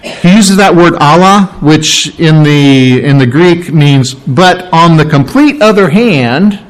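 A man preaching a sermon to a congregation, teaching from scripture with emphatic rises and restarts. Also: poor audio. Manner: animated preaching, rising in pitch for emphasis, with restarts. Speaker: pastor. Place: room with a congregation.

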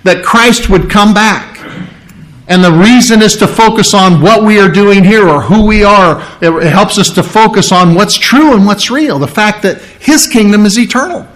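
A pastor preaching a sermon, emphatic and conversational, slowing down to read scripture and repeating key phrases. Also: male voice, high-pitched, fairly bright tone, low-quality recording. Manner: conversational, with frequent restarts and throat clearing.

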